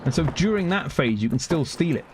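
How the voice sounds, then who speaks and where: A British game streamer with a London accent chats casually with his viewers while playing live, rambling from topic to topic. His voice is fairly high, expressive, brisk and a little mellow, with slight background noise.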